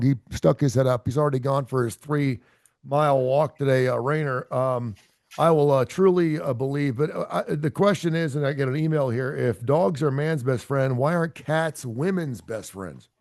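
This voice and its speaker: A middle-aged man hosts a casual radio chat, his voice sitting a bit high with a gravelly edge. He rambles, pokes fun at himself and fills gaps with ums and restarts. The sound is dry and close to the mic. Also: steady tone, normal speed, a little mellow, no room sound. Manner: rambling, self-deprecating, full of fillers and restarts. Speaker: radio show host.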